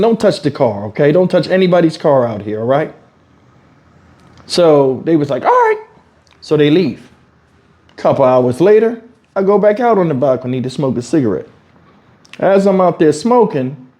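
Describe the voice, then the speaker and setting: A man, home-recorded on a clip-on mic, spins a story in a casual vlog. His voice sits a bit high but mellow and warm in tone. He acts out each exchange with lively, unfiltered talk. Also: moderate pace, long pauses. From Houston, Texas. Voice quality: animated storyteller, acts out quotes, swears freely. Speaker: YouTube commentator. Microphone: wireless lavalier mic.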